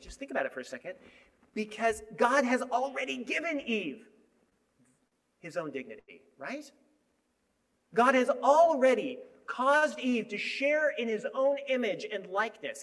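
A man preaching a sermon, animated, moving between emphatic lines and hushed asides. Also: high voice.

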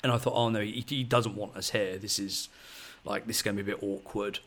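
A man's voice: lowish voice, fairly quick. Rambling man telling a story. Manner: rambling, excitable storytelling with many fillers. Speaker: podcast host. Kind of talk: casual storytelling chat.

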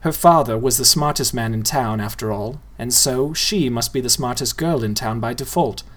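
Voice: medium pitch, moderate pace. A playful reader narrating a novel aloud and addressing the listener directly. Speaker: storyteller.

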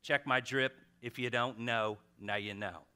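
A man preaching a sermon as pastor in a church, passionate and joking with the congregation, swinging from loud outbursts to hushed asides. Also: medium pitch, fairly even intonation, a little slow, clear, resonant tone. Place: church sanctuary.

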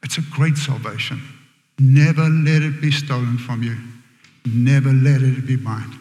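A man preacher telling a story in a sermon, dramatic and dropping to hushed whispers, in a large church hall. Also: medium pitch, fairly even intonation, a little slow. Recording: echoey hall with long reverb.

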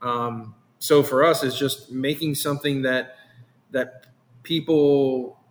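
A man's voice: mid-range voice, steady tone, takes it slowly. A man in casual interview chat as a meadery owner, talking in a rambling way that repeats words and restarts often.

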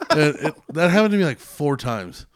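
A man in his thirties hosting a casual podcast, his voice smooth and resonant on a dry, close mic. He rambles through crude stories and drifts in and out of a twangy redneck put-on. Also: fairly high pitch, very animated, normal speed, dry recording. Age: 30s. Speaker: podcast host. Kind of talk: casual chat.

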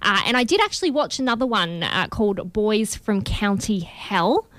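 A woman's voice: mid-range voice, big pitch swings, normal speed, fairly bright tone, no echo. A woman co-hosting a casual chat, rambling with fillers while she reviews a film. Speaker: co-host.

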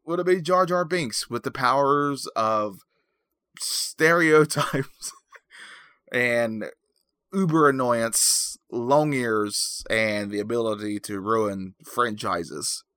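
A man's voice: medium pitch, a bit bright, no room sound, clean studio sound. A man giving a rambling, self-deprecating comedic recap, full of fillers and asides. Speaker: comic movie recapper.

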